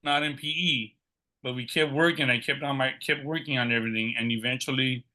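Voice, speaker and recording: Bright-voiced middle-aged man telling stories. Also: mid-range voice, fairly quick. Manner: lively, acts out quoted dialogue. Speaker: podcast guest. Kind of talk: personal storytelling.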